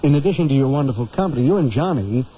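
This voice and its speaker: Male radio host, mellow mid voice, live studio chat, halting. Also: mid-range voice, animated, husky, low-quality recording. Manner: warm, fumbling, repeats words.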